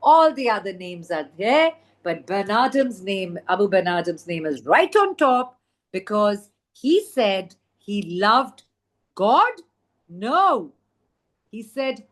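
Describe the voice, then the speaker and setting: Slow, lively woman teacher. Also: mid-range voice. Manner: explains slowly, repeats words, acts out quotes. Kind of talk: online class explaining a poem.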